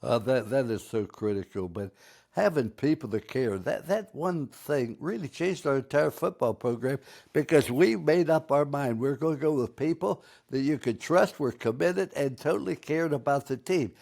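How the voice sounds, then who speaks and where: An older man hosts a podcast interview, a veteran coach telling stories to his guest. He speaks at a middle pitch and now and then speeds up into animated bursts. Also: moderate pace, gravelly. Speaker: show host, football coach.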